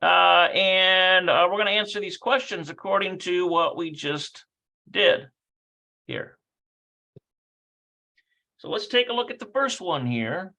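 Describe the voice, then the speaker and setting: A man's voice: high-pitched, lively intonation, slow, gravelly, pauses often, bright, forceful tone, rough recording. A man teaching a casual livestreamed language lesson, rambling, thinking aloud and correcting himself as he goes. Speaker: Hebrew teacher.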